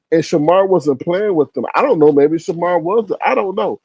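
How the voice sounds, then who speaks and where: A middle-aged man commentating on a livestream, telling a story with expressive, acted-out quotes. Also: high-pitched, normal speed, gravelly, few pauses, breathy edge, no echo, muffled recording.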